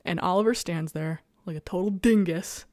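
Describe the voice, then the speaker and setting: Animated young woman recapping, dry sound. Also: on the low side, normal speed, no echo. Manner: animated, exasperated, laughs often. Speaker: show host. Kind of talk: casual recap chat.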